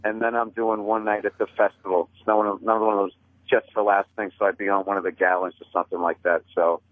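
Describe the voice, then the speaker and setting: A man telling stories in a casual chat, deadpan and self-mocking, calling in as a comedian guest. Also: lowish voice, quick pace, no echo. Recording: dry tinny phone line.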